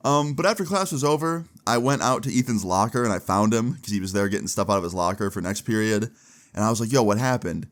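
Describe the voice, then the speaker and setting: A young man tells a school story in loose, chatty storytime style, swearing freely. His voice is lively and informal, with plenty of slang. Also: fairly low pitch, fast talker. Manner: animated, profane and chatty. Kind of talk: casual storytime.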